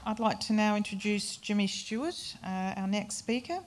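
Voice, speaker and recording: A woman hosting a seminar, briskly reading out a speaker's introduction. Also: mid-range voice, heavy background noise. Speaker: seminar host.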